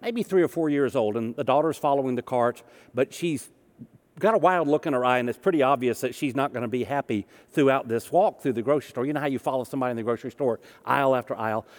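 A man's voice: mid-range voice, quick pace. Man preaching with long hall reverb. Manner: storytelling, conversational with humor. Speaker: minister. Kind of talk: sermon.

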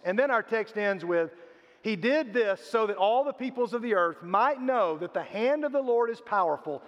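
An older man, a grandfather, preaching a sermon as pastor and telling stories with acted-out voices. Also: high-pitched. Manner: storytelling, acts out quoted voices. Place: church sanctuary. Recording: reverberant hall, dull lo-fi sound.

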